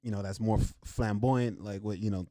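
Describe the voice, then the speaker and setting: A man's voice: on the low side, fairly even intonation, normal speed, mellow, dry recording, studio quality. A man co-hosting a casual sports chat, who acts out fighters' lines and says "bro" a lot. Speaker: podcast co-host.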